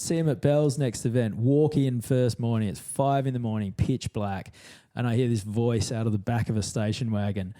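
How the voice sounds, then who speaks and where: A man tells stories with gusto on a podcast, swearing and acting out the other voices. His tone is mellow and dark, with a relaxed, warm sound. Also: medium pitch, normal speed, smooth. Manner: lively, swears, acts out dialogue. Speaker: surf commentator, guest. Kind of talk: animated storytelling on a podcast. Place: podcast studio.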